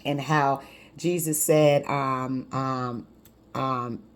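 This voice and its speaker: A woman in her fifties, a life coach, telling her personal testimony in a lively, conversational way with frequent restarts. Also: very deep voice, measured pace.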